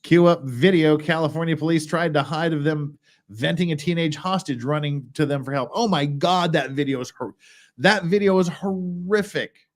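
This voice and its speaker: Blunt, wry male legal commentator. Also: fairly high pitch. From United States. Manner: wry, rambling and blunt, reading out legal text. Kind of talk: casual livestream commentary.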